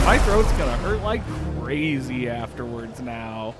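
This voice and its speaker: A man's voice: mid-range voice, animated, moderate pace, hardly any pauses. A young man casually commenting while he plays a game, reacting aloud, with the hiccups. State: has the hiccups. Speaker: gaming channel host. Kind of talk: casual let's-play commentary. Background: game music.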